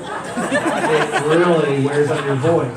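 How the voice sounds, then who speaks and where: A middle-aged man, a voice actor on a convention panel, telling jokey stories in an animated way, recorded far off in an echoey hall with a crowd. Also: on the high side, slow pace.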